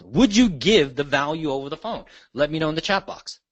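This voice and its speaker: A man's voice: fairly high pitch, lively intonation, brisk, few pauses, a bit bright, no room sound. A man leading a live online sales training, asking the audience questions and checking in often. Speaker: real estate sales trainer.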